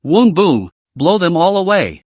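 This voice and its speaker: A man's voice: sits high, sing-song, unhurried, a little mellow, no echo, heavily acted. A man voicing an arrogant, drunk rich young man who bosses people around. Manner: arrogant, bossy.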